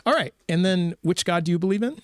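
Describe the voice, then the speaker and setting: A man's voice: high-pitched, fast talker, clean tone, no room sound, studio quality. A man hosting a livestream debate, casual and emphatic, often repeating himself. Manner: animated, emphatic, repeats words. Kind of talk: casual chat.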